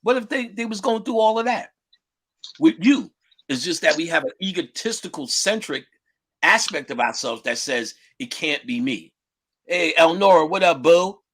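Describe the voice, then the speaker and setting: Husky guy with a bright edge, casual street talk, laughs a lot and does voices for people. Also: sits high, normal speed. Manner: animated, profane, laughing, acts out quotes. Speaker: spiritual lecturer.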